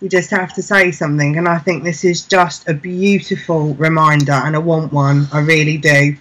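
A woman's voice: sits low, flat delivery, normal speed, fairly bright tone, low-quality recording. A British woman presenting handmade products in a chatty, heartfelt, self-deprecating way. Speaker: show presenter. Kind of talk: casual product showcase chat.

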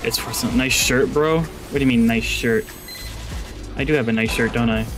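A man giving rambling, excitable live commentary on a game he is streaming into a headset, his voice jumping high when surprised. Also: normal speed, over music.

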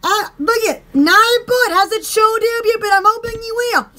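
A woman hosting a casual live shopping stream, excitable and giggly with lots of exclamations. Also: very high voice, normal speed.

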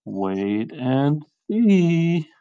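A man voicing a stubborn young girl, drawing her wishes out slowly in a sing-song way. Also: medium pitch, expressive, vocal fry, darkish tone, muffled recording. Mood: confident.

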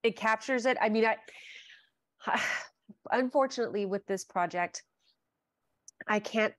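A woman's voice: on the high side, unhurried, dry recording. A woman hosting a casual author interview, effusive and gushing, often restarting her sentences. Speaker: podcast host.

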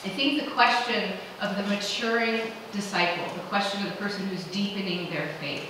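A woman pastor with a mid-range voice delivers a conversational, emphatic sermon to her congregation at a moderate pace, quoting questions she imagines they might ask. She's in a church sanctuary, recorded from a distance, so the sound is echoey with background noise.

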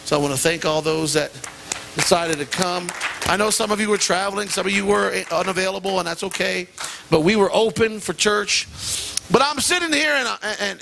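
A middle-aged male pastor preaching a sermon and telling animated, self-deprecating stories with sudden jumps in pitch. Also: gravelly, slight background noise. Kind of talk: sermon with personal anecdote. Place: church sanctuary.

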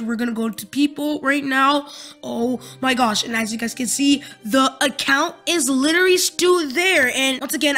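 A young woman hosting a gaming channel, giving excited commentary on a game and gasping and repeating herself as she goes. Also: high voice. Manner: breathless, repetitive, keeps saying "literally" and "oh my gosh".

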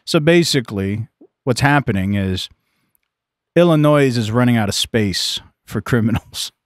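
Podcast co-host, man, mid-pitched, rambling explainer with jokes, dead dry room. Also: lively intonation, a little slow, no room sound. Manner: explains at length, joking asides. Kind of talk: casual podcast chat.

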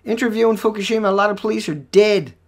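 A man delivering an angry, profanity-filled rant over news headlines, swinging between shouts and low muttering. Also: quick pace. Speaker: video commentator.

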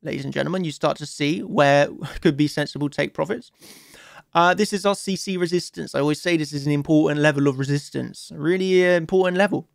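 Here a creaky, higher-pitched male voice moves fairly quickly through a live breakdown of a crypto price chart. The young analyst talks bluntly and confidently, often starting his phrases over, captured in dry, clean studio audio.

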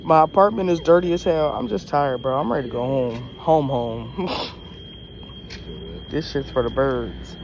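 A woman's voice: low-pitched, unhurried, a little mellow. A young woman, a college student, vlogging on her phone with a blunt, profane, exasperated rant. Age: young adult. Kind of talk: casual vlog rant. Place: around campus, partly outdoors. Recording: noisy with passing traffic.

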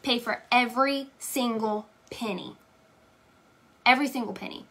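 Young woman, team leader, live-stream pep talk; bright, slightly high voice, emphatic and repetitive. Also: normal speed. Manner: emphatic, repeats "okay?" and "right?". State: tearing up. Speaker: direct sales team leader.

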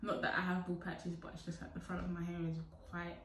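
A woman's voice: on the low side, monotone, quick pace, slight background noise. Young woman, casual tutorial chat, playful, far from the mic in an echoey room. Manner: chatty, playful, bursts of loud whoops. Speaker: hair tutorial vlogger. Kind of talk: casual how-to chat to camera.

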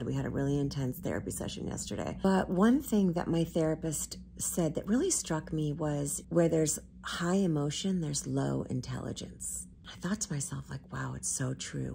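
A woman's voice: low voice, vocal fry, darkish tone, slight background noise. A woman in her fifties hosting her own vlog, talking in an open, chatty way that mixes faith talk with jokes. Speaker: vlog host. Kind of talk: casual confessional chat.

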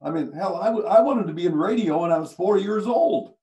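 A man's voice: high-pitched, brisk, rough recording. An older man, a veteran radio broadcaster from Iowa, telling anecdotes and chuckling through the funny parts. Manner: chuckling, animated storyteller who laughs through his punchlines. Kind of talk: anecdotal storytelling.

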